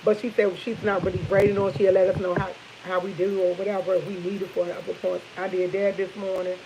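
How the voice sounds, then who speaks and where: A woman's voice: medium pitch, fast talker, dull audio, noisy background. A woman, chatting over morning coffee at home, telling stories to her viewers. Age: 50s. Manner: chatty, animated storytelling, addresses viewers as y'all. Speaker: vlogger. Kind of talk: casual morning coffee chat. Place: home kitchen, indoors.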